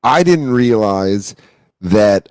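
A man's voice: lowish voice, very slow, clear, resonant tone, no echo, poor audio. A man telling stories in casual podcast chat, acting out other people's voices and swearing freely. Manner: animated storyteller, acts out voices, swears freely. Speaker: podcast host.

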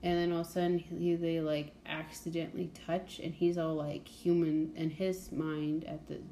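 Young woman, mellow lowish voice, blunt casual book chat, filler-heavy, faint noise floor. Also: flat delivery, moderate pace. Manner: chatty, blunt, many fillers and "like"s. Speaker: book podcast host.

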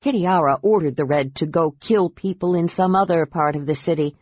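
A woman reading a fantasy novel aloud as audiobook narrator, with a measured, steady delivery. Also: on the low side, husky, no echo. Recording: dull dry audiobook recording.

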